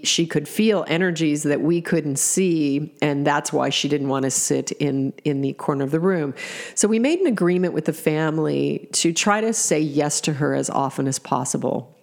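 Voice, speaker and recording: A woman's voice: low voice, vocal fry. A middle-aged woman telling personal stories in a reflective way, with fillers and restarts. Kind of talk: personal storytelling.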